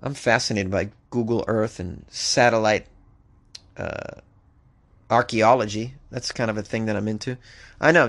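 A man's voice: fairly low pitch, vocal fry, fairly bright tone. Wry joking male news-show host. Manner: wry, joking asides between read news stories. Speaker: podcast host. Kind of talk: comedic news commentary.

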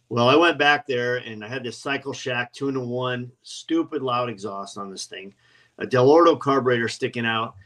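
A custom motorcycle builder guests on a podcast, telling animated stories in easy conversation. His voice sits at a middling pitch, and he acts out the voices of the people he quotes. The recording is rough.

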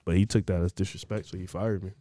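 A young man co-hosting a podcast, telling animated, slang-heavy stories and acting out the voices of other people in them. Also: low-pitched, fast, no room sound, clean studio sound. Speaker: podcast co-host. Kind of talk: casual chat.

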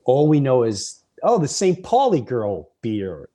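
A man hosting a podcast, telling animated, rambling off-the-cuff stories that wander off on side paths. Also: mid-range voice, unhurried. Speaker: podcast host, comedian. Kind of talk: off-the-cuff storytelling.

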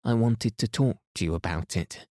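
A man voicing a gentle, polite young girl in a bedtime storybook reading, speaking earnestly and kindly. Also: lowish voice, normal speed, dry recording, clean studio sound, natural voice.

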